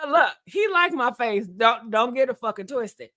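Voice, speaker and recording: A woman's voice: a little high, lively intonation, measured pace, pushed and bright. A woman hosting a podcast, telling dating stories in a sassy, frank, casual way, often calling listeners girl and honey and laughing. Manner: swears freely. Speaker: podcast host. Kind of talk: casual storytelling chat.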